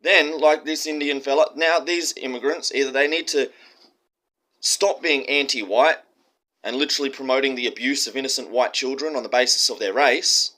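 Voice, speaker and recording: Man, Australian accent, heated monologue, profane, emphatic, tense bright voice. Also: mid-range voice. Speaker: commentator.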